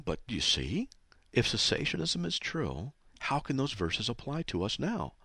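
A man's voice: fairly low pitch, a bit bright, no room sound, clean studio sound. A man hosting a radio Bible talk, reading scripture aloud and then pressing his point with pointed rhetorical questions. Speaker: radio host.

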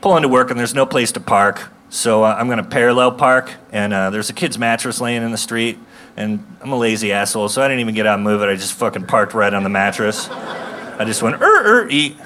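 Bright-voiced man in his thirties telling a stand-up story. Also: fairly low pitch, steady tone, brisk, slight background noise. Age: 30s. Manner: ranting, shouts in bursts of mock rage. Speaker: stand-up comedian.

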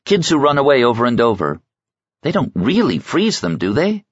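A man voicing a young girl who speaks in a hushed, worried whisper. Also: mid-range voice, very animated, normal speed, breathy edge, no room sound, dull audio, voice pushed up. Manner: hushed, questioning.

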